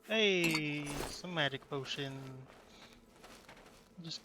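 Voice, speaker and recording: Slightly high-voiced and a little slow, a let's-play gamer keeps up casual, goofy commentary and answers the characters on screen. There's background noise in the clip.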